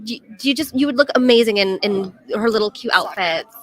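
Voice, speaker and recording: A woman's voice: fairly high pitch, a little fast, fairly bright tone. A woman hosting a casual convention panel chat, bubbly and teasing, laughing often.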